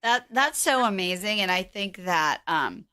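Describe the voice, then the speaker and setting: A woman's voice: medium pitch, lively intonation, unhurried, sharp tone, clean tone, no echo, clean studio sound. A woman hosting a podcast, talking frankly and casually with plenty of fillers and the odd swear. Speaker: podcast host. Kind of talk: casual interview chat.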